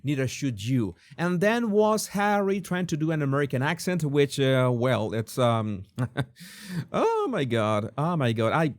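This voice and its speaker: A man's voice: medium pitch, measured pace. Spanish-accented man hosting commentary. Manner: animated, stammers and repeats words. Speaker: commentary channel host. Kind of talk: casual video commentary.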